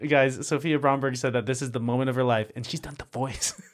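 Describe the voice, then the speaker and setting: A man's voice: medium pitch, steady tone, a little fast. A man with a Bronx accent hosting a podcast and playfully running an improvised commercial shoot, calling out crew cues. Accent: New York, Bronx. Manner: playful, barks set calls loudly. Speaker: podcast host. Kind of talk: improvised comedy bit, playing a director.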